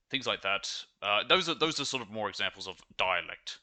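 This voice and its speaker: Brief: Australian man, low and bright, rambling stream commentary. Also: expressive, brisk. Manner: chatty and rambling. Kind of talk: casual game stream commentary.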